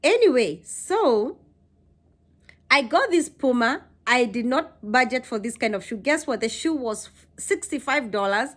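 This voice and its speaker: Animated woman from Kenya telling a story. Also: a little high, unhurried. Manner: animated, emphatic, repeats phrases for effect. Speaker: vlogger. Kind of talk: casual storytelling to camera.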